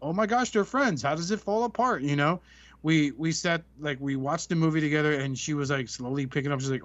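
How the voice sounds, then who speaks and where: A man's voice: on the high side, a little fast, no room sound. A man co-hosting a podcast in casual chat, ranting heatedly and swearing a lot. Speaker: podcast co-host. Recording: dull, slightly lo-fi podcast mic.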